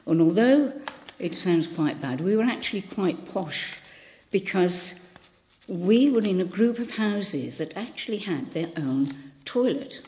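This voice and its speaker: A woman's voice: lowish voice, lively intonation, measured pace, mellow. A woman in her eighties from Birmingham, with a faint Birmingham accent, telling chatty, rambling stories with many ums and restarts as she gives a thought for the day. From Birmingham, England. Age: 80s. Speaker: speaker giving a thought for the day. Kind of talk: casual anecdotal talk.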